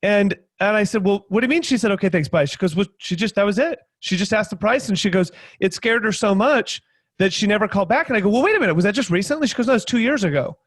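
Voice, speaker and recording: Man, high voice, dry close sound, energetic storyteller who acts out dialogue and keeps restarting his sentences. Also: quick pace, dry recording. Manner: lively, acts out both sides of dialogue, many restarts. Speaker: guest panelist, sales trainer. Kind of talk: animated storytelling on a video panel.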